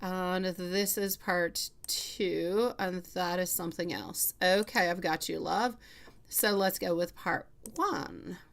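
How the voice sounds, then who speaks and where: A woman's voice: fairly low pitch, fairly even intonation, slow, gravelly. A woman giving a live tarot reading, chatty and affectionate, calling viewers sweetie and love between giggles. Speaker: tarot reader.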